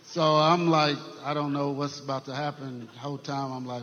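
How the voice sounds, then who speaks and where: A man sharing a church testimony story in an earnest, halting way, with many fillers and restarts. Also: mid-range voice, fairly even intonation, a bit bright. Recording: dull sound with long hall reverb.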